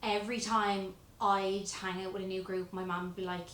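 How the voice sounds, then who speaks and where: An Irish woman hosting a podcast, chatting and telling stories in an animated way. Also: medium pitch, normal speed, a little hiss or hum. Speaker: podcast host, lash artist. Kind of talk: casual chat. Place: room in a lash salon. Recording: roomy echo.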